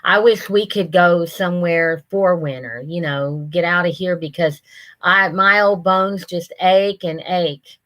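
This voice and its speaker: A woman from Ohio in her sixties hosts a livestream, casually reading viewer comments and chatting folksily with people by name. Her voice is on the low side and fairly bright, a little slow, and the recording is rough.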